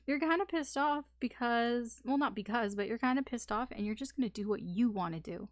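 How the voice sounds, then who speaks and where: A woman's voice: fairly high pitch, brisk, no echo, studio quality. A woman giving a casual tarot reading, talking frankly with fillers and swearing. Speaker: tarot reader.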